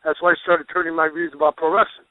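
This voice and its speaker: A man who is a pro wrestler, a guest telling rambling, animated stories with restarts and folksy exclamations. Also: a little high, quick pace, no room sound. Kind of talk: storytelling interview. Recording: phone line, dry.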